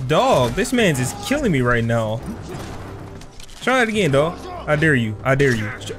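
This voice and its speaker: A man's voice: medium pitch, big pitch swings, normal speed. Young guy gaming on stream, slangy trash talk, voice jumps all over, music playing underneath. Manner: slangy, trash-talking the game enemies. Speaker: gaming channel host. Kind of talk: let's play commentary. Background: game music.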